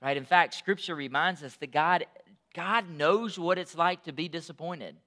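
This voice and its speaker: A pastor preaching a sermon in a conversational way that swells to loud, emphatic peaks. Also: male voice, a little high, normal speed.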